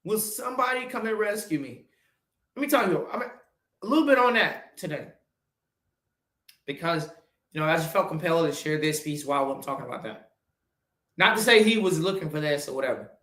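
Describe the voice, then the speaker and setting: A man in his forties, a podcast host, giving a blunt, profane motivational talk that swings from loud urging to low, quiet asides. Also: lively intonation, brisk, long pauses, roomy sound. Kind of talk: motivational monologue.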